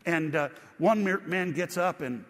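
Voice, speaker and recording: A man preaching a sermon as pastor, telling stories in a conversational, animated way. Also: fairly high pitch, a little slow, long reverb tail.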